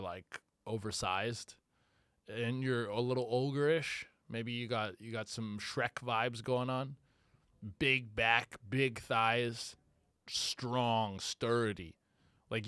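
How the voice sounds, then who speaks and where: A young man rants through a solo comedy podcast in a middle-pitched voice and swears freely. He acts out quotes with animated flair. The mic is close and dry, with no room sound. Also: no echo.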